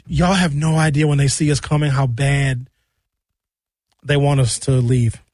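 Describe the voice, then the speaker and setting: A man's voice: mid-range voice, little pitch movement, measured pace, a little mellow, no echo, clean studio sound. A man delivering a ranting monologue as a commentator, emphatic, sarcastic and preachy.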